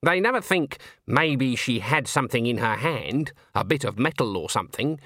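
A man's voice: medium pitch, animated, moderate pace, sharp tone, no room sound, clean studio sound. A man voicing a stern, haughty old woman witch who speaks in a curt, clipped, disdainful way. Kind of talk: audiobook character voice.

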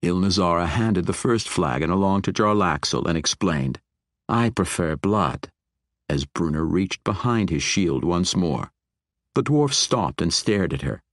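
A male audiobook narrator with a very deep voice that still moves a lot in pitch. He reads in a measured, expressive way, close to a dry microphone. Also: no room sound. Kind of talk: scripted fantasy narration.

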